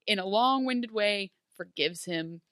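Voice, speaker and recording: An animated woman retells a TV episode in casual chat, acting out the characters' lines with plenty of feeling. Her voice is bright and forceful. The sound is dry and close, with no room around it. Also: mid-range voice, measured pace, dry recording. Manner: emotional, gushing. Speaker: podcast co-host.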